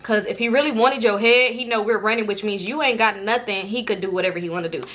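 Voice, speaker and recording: A woman in her late twenties telling a storytime vlog story in a casual, animated way, full of slang and cursing. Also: mid-range voice, quick pace. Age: late 20s. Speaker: storytime vlogger.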